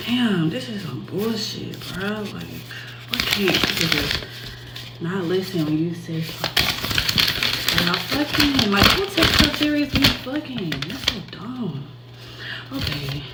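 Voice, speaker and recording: A woman's voice: mid-range voice, sing-song, slow, reverberant, very noisy. A stressed woman vlogging to her camera at home, swearing and dropping to a half whisper at times. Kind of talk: self-filmed home vlog.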